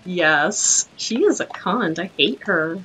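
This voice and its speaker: A young woman hosting casual gaming commentary, crude, giggly and excitable, talking over her play. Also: on the low side, slow pace, a little hiss or hum, low-quality recording. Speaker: host.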